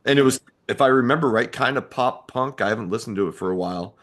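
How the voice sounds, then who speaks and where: A man hosting an interview, asking relaxed questions and chiming in with short agreements. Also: mid-range voice, fast. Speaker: interview host. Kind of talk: casual interview.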